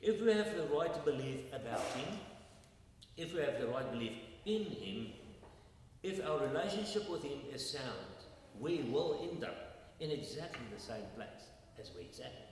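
A man delivers a sermon at a moderate pace with lively intonation, stressing his points and asking his congregation rhetorical questions. His ordinary-pitched voice is recorded from a distance, amid booming hall reverb and a faint hiss of room noise.

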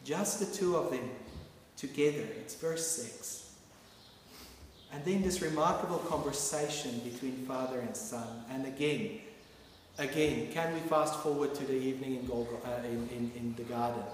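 A man preaching a sermon with emphatic repetition and frequent restarts. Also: mid-range voice. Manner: emphatic, repeats phrases, many restarts. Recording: echoey hall with faint noise.

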